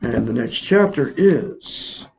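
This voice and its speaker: A man's voice: medium pitch, expressive, slow pace, vocal fry, darkish tone, breathy edge. A man hosting his own self-help video, talking earnestly and repetitively to his viewers. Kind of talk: casual monologue to camera.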